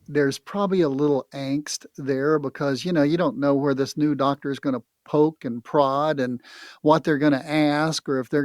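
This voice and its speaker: A man's voice: fairly high pitch, no room sound, studio quality. A man who is a financial advisor, hosting a talk radio show with plain-spoken, persuasive storytelling. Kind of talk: folksy talk radio conversation.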